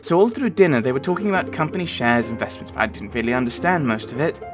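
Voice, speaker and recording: A man's voice: medium pitch, expressive, fast, over music, close to an everyday voice. A man voicing a young girl, a polite and anxious heiress, telling her story sweetly and breathlessly. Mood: earnest.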